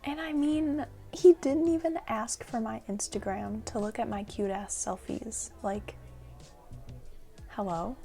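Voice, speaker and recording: A young adult woman telling a personal story in an animated, dramatic vlog style. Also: a little high, measured pace, hardly any pauses, soft background music. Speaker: vlogger.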